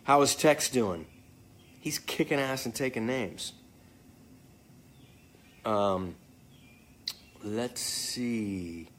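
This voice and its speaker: A man's voice: mid-range voice, very slow, long pauses, fairly bright tone, slight background noise. A man casually answering fan comments, joking and swearing freely. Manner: joking, profane, off the cuff. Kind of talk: casual live chat.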